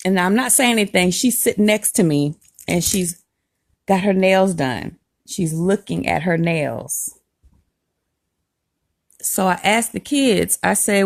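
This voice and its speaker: A woman telling a personal story in a casual vlog, animated and emphatic, laughing as she goes. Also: medium pitch, unhurried, creaky, long pauses, no room sound, clean studio sound.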